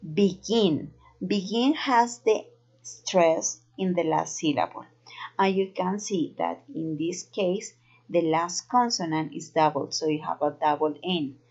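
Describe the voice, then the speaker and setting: A woman with a Colombian Spanish accent, a native Spanish speaker, teaching an English grammar lesson slowly and carefully. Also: on the low side, darkish tone. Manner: slow, careful explaining. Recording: dull lo-fi recording.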